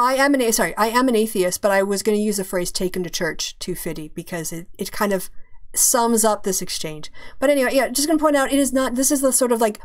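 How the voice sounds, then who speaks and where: A woman hosting a casual live-stream chat, opinionated and chatty as she fumbles with her browser tabs. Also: a little high. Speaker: podcast host.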